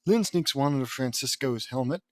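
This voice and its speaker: A man's voice: medium pitch, lively intonation, fairly quick, dry recording. A man reading a fan-fiction audiobook aloud in a casual way, breaking off for amused asides to himself. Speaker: audiobook reader.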